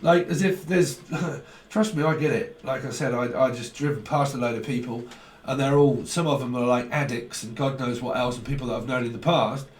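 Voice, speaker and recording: A man giving a casual, rambling tarot reading, animated and full of slang and swearing. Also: mid-range voice, brisk. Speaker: tarot reader. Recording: roomy sound from a mic at a distance.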